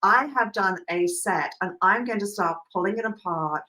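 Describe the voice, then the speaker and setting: A woman teaching a live online hairdressing class, lively and emphatic, laughing often. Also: medium pitch, moderate pace. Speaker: hairdressing educator.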